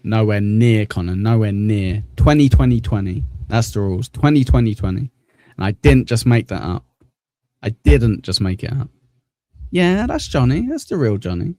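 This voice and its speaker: A man's voice: fairly low pitch, big pitch swings, moderate pace, warm tone, no room sound. A man hosting a casual livestream, chatting, laughing and thanking viewers by name as he reads comments. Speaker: livestream host.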